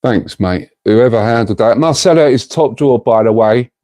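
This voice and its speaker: This livestream host is a middle-aged man chatting casually and earnestly with his viewers, wandering from point to point. His mid-range voice is mellow with lively intonation at a normal pace, and the recording is dry.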